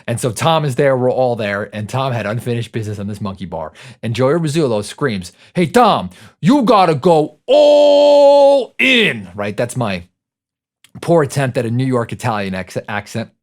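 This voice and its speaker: A man's voice: mid-range voice, brisk, a little mellow. A middle-aged man hosting a podcast, telling a casual story in a conversational way and often checking in with the listener. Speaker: podcast host.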